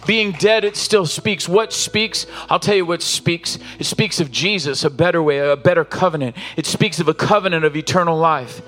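A man's voice: a little high, moderate pace, few pauses, fairly bright tone, soft background music. A man preaching a sermon as pastor, exhorting the congregation with repeated calls and rising, falling intensity. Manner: impassioned preaching with call-and-response exhortations.

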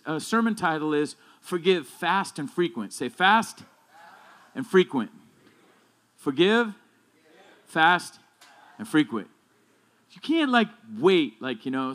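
In a casual, conversational sermon, a male pastor rambles with restarts and asides. He becomes emphatic on key points, his loudness and pitch building as he stresses them.

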